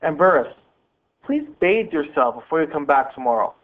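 A man's voice: fairly high pitch, sing-song, normal speed. A man voicing a young, nervous and prim woman schoolteacher, with a tinny phone-like sound.

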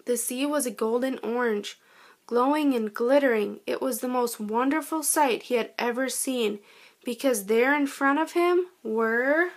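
A woman reading a children's storybook aloud in a gentle, expressive way. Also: a little high, a little slow. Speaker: storybook narrator.

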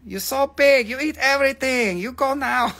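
A man's voice: very high voice, normal speed, pushed and bright, pitched above the performer's own voice, exaggerated voice. A man voicing a bossy male shopkeeper who shoos people off in curt broken English. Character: shrill bossy male shopkeeper shooing customers.

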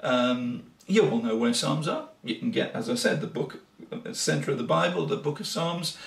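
A man with a fairly high, creaky voice and lively intonation speaks fairly quickly, giving an earnest, explanatory teaching talk on worship music and breaking into sung examples. It's recorded from a distant mic in an echoey room with faint guitar.

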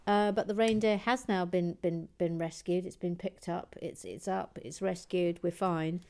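Low-voiced woman hosting a livestream, chatty and a bit scattered, keeps slipping into soft whispers. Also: fairly even intonation, moderate pace. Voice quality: soft, often slips into whispered asides. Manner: chatty and self-deprecating, with frequent "uh" and restarts. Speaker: livestream host. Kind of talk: casual chat while building and reading viewer messages.

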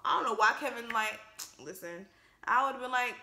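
A woman hosting a casual movie reaction, talking with animated slangy asides and frequent laughter. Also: a little high, moderate pace, echoey room.

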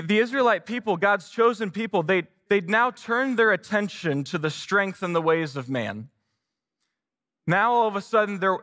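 A man's voice: high-pitched, bright, forceful tone. A man preaching a sermon, telling a personal story casually, poking fun at himself, with lots of restarts and acted-out quotes. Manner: casual, self-deprecating, many restarts and quoted asides. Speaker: pastor. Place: large church sanctuary. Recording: long hall reverb from a church sanctuary.

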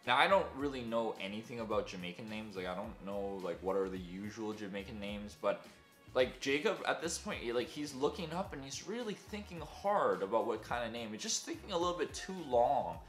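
A man's voice: mid-range voice, expressive, a little fast, fairly bright tone. A young man telling a story in a casual, self-deprecating way, with many fillers. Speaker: vlogger. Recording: echoey room with faint music.

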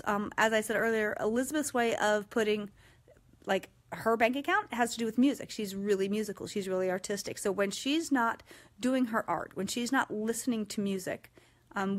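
A woman in her forties hosting a casual live-stream chat, talking frankly and swearing freely with lively energy. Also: medium pitch. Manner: frank and profane, animated. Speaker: host.

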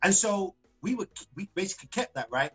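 Chatty high-voiced man telling stories. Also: animated, fairly quick, a bit bright, faint music behind, poor audio. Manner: chatty storyteller, laughs often, repeats phrases. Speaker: singer, interview guest. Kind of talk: casual interview over a live stream. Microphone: video call.

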